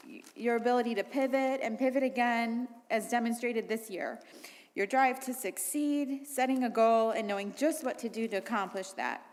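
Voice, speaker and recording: Tearful middle-aged mother in a reverberant hall. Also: on the high side. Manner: tearful, heartfelt, voice catching. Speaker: mother giving a bat mitzvah blessing. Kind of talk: emotional speech from the bimah. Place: synagogue sanctuary during a livestreamed service. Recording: reverberant sanctuary.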